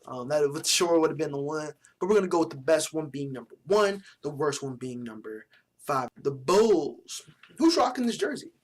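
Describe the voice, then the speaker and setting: A man's voice: a little high, animated, normal speed. A young man giving casual, profane commentary as a vlogger, blunt and mocking with plenty of slang. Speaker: vlogger reviewing sports jerseys.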